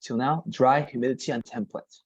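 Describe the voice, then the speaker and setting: A man leads an online English lesson, patiently repeating each word and checking understanding. His voice sits at a mid pitch, and the recording is dry and close. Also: steady tone, breathy edge, no echo, rough recording. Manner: patient, repetitive, models pronunciations slowly, frequent "right?" checks. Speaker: English teacher.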